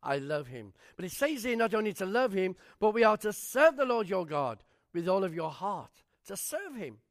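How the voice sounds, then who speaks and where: High-voiced man preaching with fervor. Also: moderate pace, hardly any pauses. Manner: fervent rhetorical questions; animated storytelling. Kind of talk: sermon with personal testimony.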